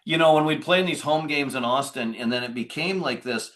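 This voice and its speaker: A man with a middle-pitched voice speaking as a podcast guest. He talks in a loose, conversational way, rambling and restarting as he goes. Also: a little fast, a bit bright. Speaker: podcast guest, business owner. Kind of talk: casual interview talk.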